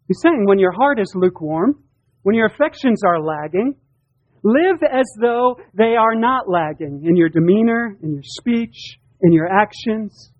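A man's voice: high voice, no room sound. A man preaching a sermon, earnest and emphatic, often repeating his words as he presses a point. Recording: dull, dry lo-fi sound.

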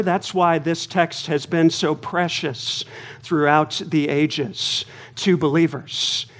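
A male pastor preaching a sermon to his congregation in a deliberate, emphatic way, pausing and stressing his words. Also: sits high. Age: adult, married.

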